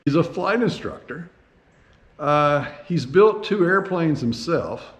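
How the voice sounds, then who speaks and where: A man hosting his own flying vlog, telling a travel story in a casual, animated way with plenty of fillers and restarts. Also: on the high side, slow. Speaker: vlog host and private pilot.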